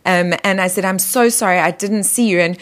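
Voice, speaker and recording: A woman hosting a radio show, chatting casually and telling animated stories. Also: mid-range voice, fairly quick. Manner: animated storyteller, acts out quoted voices. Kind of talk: casual conversational interview.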